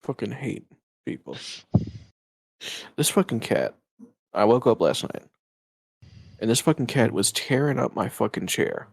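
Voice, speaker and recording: A man's voice: medium pitch, lively intonation, a little slow, vocal fry, long pauses, husky, no echo. A man co-hosting and editing a casual podcast, rambling and cursing freely over a home mic on a voice call. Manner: profane, rambling, trails off and restarts. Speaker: podcast co-host and editor.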